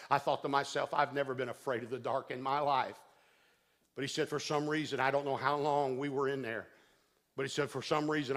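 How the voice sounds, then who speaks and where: A man preaching a sermon who tells a story dramatically and builds to shouted peaks. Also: medium pitch. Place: church sanctuary. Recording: church hall reverb. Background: long hall reverb.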